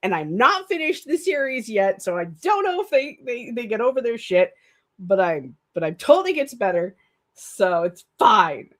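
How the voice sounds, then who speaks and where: A young woman talks casually to her stream audience with a slightly high-pitched voice. She rambles excitedly, stumbling and restarting her sentences. She breaks into laughter often. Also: moderate pace. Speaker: streamer hosting a write-with-me stream. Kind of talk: casual live-stream chat.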